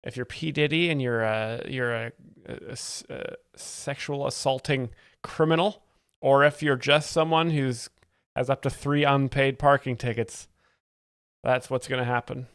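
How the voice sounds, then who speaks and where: A man's voice: mid-range voice, steady tone, unhurried, fairly bright tone, clear, resonant tone, no room sound. Dry, rambling man live-streaming. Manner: ironic, rambling, fake-earnest. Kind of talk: mock-expert comedy commentary.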